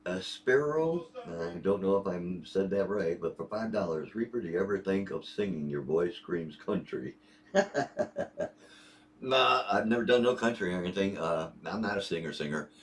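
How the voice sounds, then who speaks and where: A man in his sixties from Ohio with a deep bass voice, chatting casually and rambling through stories on a livestream. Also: animated, normal speed. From Northeast Ohio. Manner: rambling, easygoing storyteller. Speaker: guest on a livestream reading viewer messages.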